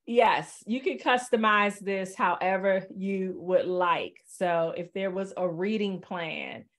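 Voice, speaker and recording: A woman casually presenting software in a webinar, chatty and relaxed, with many fillers, over a video call. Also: mid-range voice, takes it slowly.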